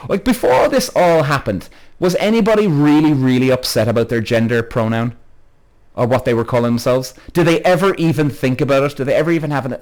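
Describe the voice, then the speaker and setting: Live-streaming his podcast to an online audience, this man reads viewers' comments aloud and welcomes them by name. He's chatty and rambles, cursing freely when heated, in a voice on the high side and a little mellow.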